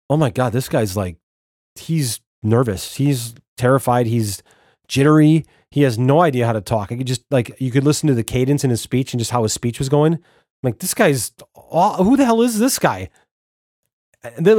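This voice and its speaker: Male podcast host, middle pitch, salty and exasperated solo rant, dry close-mic read. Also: no echo. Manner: profane, animated, exasperated rant with restarts.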